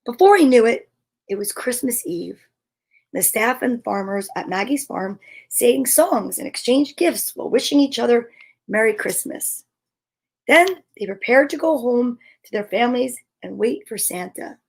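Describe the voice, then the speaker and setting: A woman reading a picture book aloud to children, expressive and often dropping to a hush. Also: on the high side, moderate pace, husky. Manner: expressive, dropping to hushed near-whispers. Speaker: storyteller.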